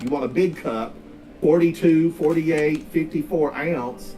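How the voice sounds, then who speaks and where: A man's voice: on the high side, unhurried, a little mellow, soft background music. A man from the North Carolina mountains with a Southern accent, chatting casually and rambling in folksy asides while he streams a game. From North Carolina, Smoky Mountains. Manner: rambling, folksy, drawls out words. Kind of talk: casual gaming livestream chat. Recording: distant mic, faint background noise.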